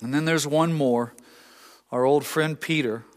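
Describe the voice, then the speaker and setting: A man's voice: a little high, unhurried, in a large hall. A man preaching a sermon, telling stories earnestly and acting out the voices of people in them. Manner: earnest storytelling, acts out voices. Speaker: pastor.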